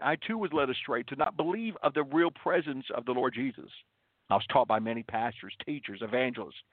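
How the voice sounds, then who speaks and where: A man's voice: mid-range voice, dry recording. A man preaching earnestly as a radio host, leaning on repeated rhetorical questions and stressed words. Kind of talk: radio sermon. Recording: dry, tinny phone-like broadcast audio.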